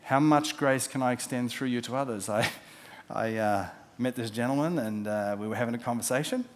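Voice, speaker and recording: A man, a pastor preaching a sermon, telling stories and acting out the quotes, dropping from loud to hushed. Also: medium pitch, fairly quick, a little hiss or hum. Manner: storytelling with acted-out quotes, swinging from loud to hushed.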